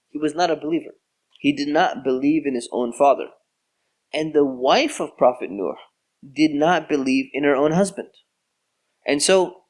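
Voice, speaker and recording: Man telling a story in a lecture. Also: fairly high pitch. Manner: conversational, relaxed with casual fillers. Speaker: Islamic lecturer.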